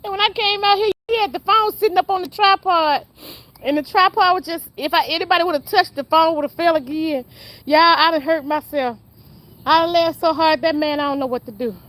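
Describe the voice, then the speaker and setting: A woman's voice: very high voice, brisk, fairly bright tone. A woman vlogging outdoors in a yard, chatting to her viewers and laughing a lot as she talks. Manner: chatty, full of laughter, speaks straight to the viewers. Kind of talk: casual outdoor vlog chat.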